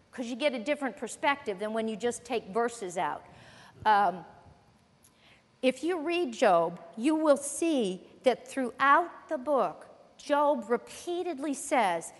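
High-voiced woman preaching in a reverberant hall. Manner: earnest, emphatic Bible teaching, reading scripture aloud. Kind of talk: sermon. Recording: long reverb of a large hall.

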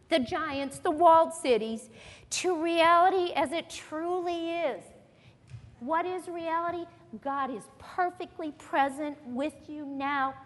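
A woman preaching a sermon in an animated way, mimicking complainers with comic asides. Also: high-pitched. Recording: long hall reverb.

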